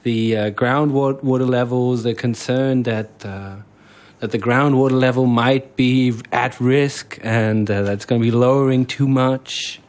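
A man's voice: medium pitch, steady tone, a little mellow. Hesitant male radio co-host. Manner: hesitant, halting with fillers and restarts. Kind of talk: casual radio chat.

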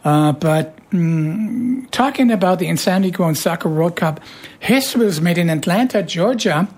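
A woman hosts a relaxed radio chat, her voice hoarse and husky and sitting a little low. She teases her co-host playfully and leans hard on the words she wants to stress, in a studio setting. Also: moderate pace. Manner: playful, teasing, animated emphasis.

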